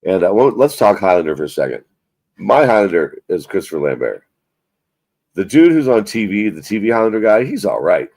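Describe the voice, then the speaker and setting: A man's voice: on the low side, sing-song, a little fast, darkish tone, no room sound. A man hosting a casual live stream, rambling and swearing as he chats about movies. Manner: rambling, profane, self-mocking. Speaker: livestream host.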